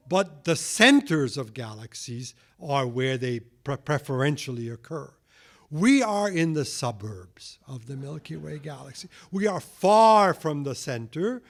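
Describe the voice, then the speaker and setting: A man giving a public science lecture as a guest speaker, with joking, wry asides. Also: medium pitch.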